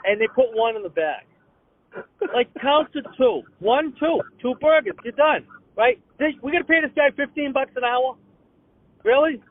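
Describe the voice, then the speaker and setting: A comedian from Boston with a Boston accent, delivering an exasperated, stammering rant over the phone. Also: male voice, very high-pitched, lively intonation, normal speed. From Boston area. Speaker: comedian guest. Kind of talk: ranting comic monologue on a call. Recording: tinny phone line.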